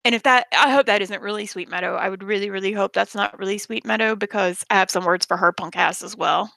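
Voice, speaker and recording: A woman's voice: medium pitch, fast talker, creaky, sharp tone, no room sound. A woman streamer swearing heavily in a blunt, confrontational rant to her chat. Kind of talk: angry rant on a live stream.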